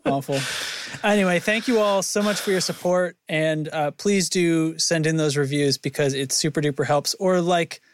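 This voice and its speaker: A man's voice: on the high side, normal speed, no room sound, studio quality. A man hosting a casual podcast outro, rambling, stumbling over names and laughing at himself. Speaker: podcast host.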